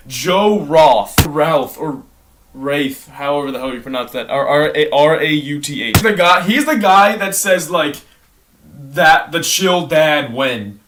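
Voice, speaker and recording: A man's voice: fairly high pitch, a bit bright. Rambling young-sounding man, far from mic. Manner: fast, rambling, heavy use of "like", self-corrections. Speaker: vlogger ranking online creators. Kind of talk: casual rambling monologue. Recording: distant mic with clear background noise and clicks.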